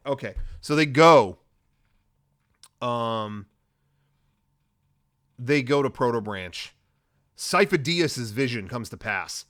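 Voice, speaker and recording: A man's voice: medium pitch, expressive, slow, pauses often, a bit bright. A man hosting a podcast, retelling a story in a loose, rambling way, full of swearing and slang, with offhand quoted lines. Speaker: podcast host. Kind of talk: casual comedic recap.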